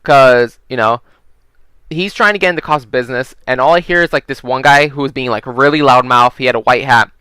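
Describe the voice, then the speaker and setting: Brisk and sharp in tone, a young gaming creator with a medium-pitched voice tells a lengthy, rambling story during gameplay. He says "you know" constantly and swears often, and the recording is clean with no echo.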